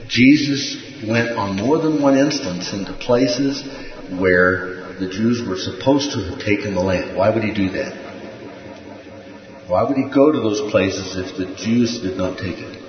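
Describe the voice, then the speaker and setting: Low-voiced man teaching scripture, roomy sound. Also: a little slow, crowd noise. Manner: conversational, asks rhetorical questions, often adds "okay?". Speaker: Bible teacher. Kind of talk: Bible study lesson. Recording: muffled, roomy recording.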